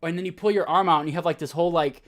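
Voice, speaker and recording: A man co-hosting a gaming podcast, talking in casual, excited, rambling bursts. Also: fairly high pitch, very fast. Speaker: podcast co-host. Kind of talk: casual chat.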